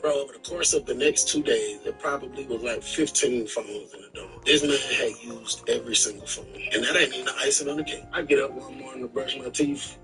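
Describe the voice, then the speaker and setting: A man streaming live, telling a story in a casual, animated, slangy way with plenty of swearing. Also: mid-range voice, recorded from a distance, rough recording. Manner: animated, slangy retelling with profanity. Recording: voice from off the mic with music behind.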